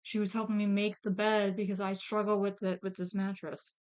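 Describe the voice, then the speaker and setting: A woman's voice: medium pitch, level tone, fairly quick, smooth. A woman chatting casually on a livestream, apologetic and giggly as she explains herself.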